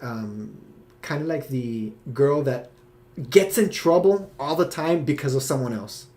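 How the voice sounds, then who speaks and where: A young man, the creator of a series, hosting a live Q&A with his cast. He explains his characters loosely and haltingly, leaning on "you know" as he goes, and he is keen on the characters. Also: mid-range voice, warm tone. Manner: enthusiastic about his characters. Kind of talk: live-stream Q&A chat.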